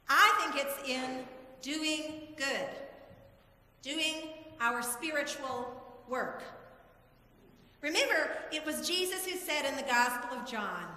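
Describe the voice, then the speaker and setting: A woman's voice: high voice, pushed and bright. A woman in her forties preaching a heartfelt sermon to her congregation, telling personal stories. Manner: emotional, heartfelt storytelling to a congregation. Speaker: pastor. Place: church sanctuary. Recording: echoey church hall.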